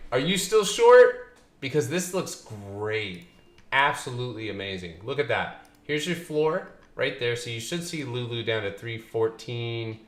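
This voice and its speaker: A man's voice: medium pitch, fairly bright tone. A man hosting a stock trading livestream, chatting loosely with viewers, joking and swearing as he walks through charts. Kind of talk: casual market commentary. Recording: echoey room with faint ambient noise.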